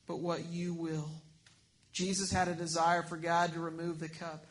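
A man preaching a sermon, earnest, swinging between emphatic points and hushed lines. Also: on the high side. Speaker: pastor.

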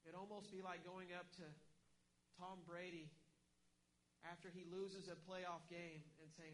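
A man's voice: high voice, level tone, a little slow, long pauses, fairly bright tone, a little hiss or hum, low-quality recording. A man preaching an earnest, emphatic sermon as a pastor, often restarting words as he builds his points.

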